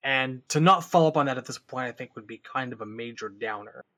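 A man's voice: mid-range voice, fast talker, pushed and bright. A man co-hosting a casual gaming podcast, joking and chatting loosely. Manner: jokey, puts on a robotic voice now and then. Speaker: podcast co-host. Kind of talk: casual chat.

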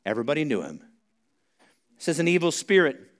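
A male pastor preaching a sermon in church, chatty and joking at times, then rising to loud, emphatic preaching. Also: on the high side, very animated, a little fast. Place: church sanctuary.

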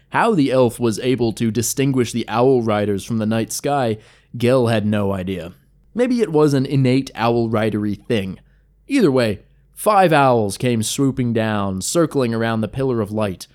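A man narrating a fantasy tale from a tabletop campaign in an expressive, measured reading. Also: medium pitch.

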